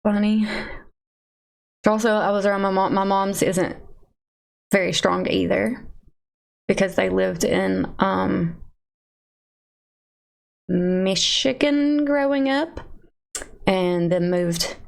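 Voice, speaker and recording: A woman's voice: medium pitch, level tone, slow, creaky, long pauses. A woman with an Eastern Kentucky accent, rambling casually and self-deprecatingly as a livestreamer chatting to her viewers at her computer. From Eastern Kentucky, USA. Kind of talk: casual chat to a live chat.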